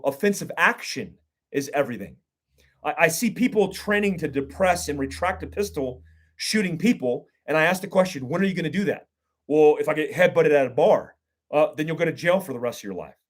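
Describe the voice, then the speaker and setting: Blunt, profane male self-defense instructor. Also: on the high side. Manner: blunt and profane, poses questions to the listener. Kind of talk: instructional talk with acted scenarios.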